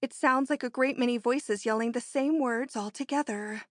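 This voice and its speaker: A woman voicing a bold, eager young heroine in an audiobook, brisk and quietly triumphant. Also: a little high, no room sound, clean studio sound, natural voice. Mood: calm. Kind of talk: audiobook character reading.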